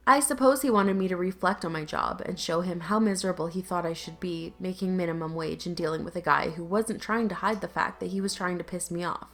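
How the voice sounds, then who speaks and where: A woman's voice: fairly low pitch, a bit bright. A woman narrating online stories aloud in a conversational, lightly sarcastic reading style, with casual asides. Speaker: YouTube story narrator.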